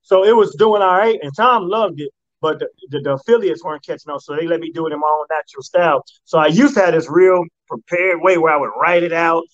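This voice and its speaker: A man's voice: on the high side, fast, hardly any pauses, no room sound, highs cut off. A male comedian telling stories in a laid-back, casual way as a guest on a radio talk show. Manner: laid-back storyteller who slips into mock voices.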